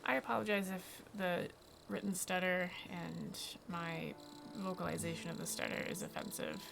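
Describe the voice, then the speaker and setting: A woman streaming a video game, chatting casually to herself, with mild swearing, over loud game music. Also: lowish voice, expressive, moderate pace, vocal fry, background noise. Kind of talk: casual gameplay commentary.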